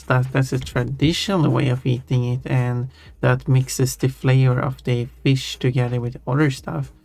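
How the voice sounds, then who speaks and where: Streamer guy, mid-pitched, halting casual chat with viewers, soft music behind. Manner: halting, restarts often, chuckles while answering chat. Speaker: livestream host. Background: faint background music.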